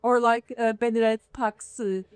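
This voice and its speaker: A woman hosting a relaxed interview, chatty and teasing, laughing easily between questions. Her voice sits a bit high, recorded close and dry. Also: smooth, no room sound. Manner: chatty, laughs often, quick teasing asides. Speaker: podcast host. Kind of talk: casual interview chat.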